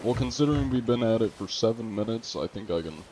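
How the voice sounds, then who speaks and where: Low-voiced chatty male streamer. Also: expressive, quick pace, dark tone, a little hiss or hum. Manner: chatty, reads viewer chat aloud, laughs often. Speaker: game streamer. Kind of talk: casual live-stream chat.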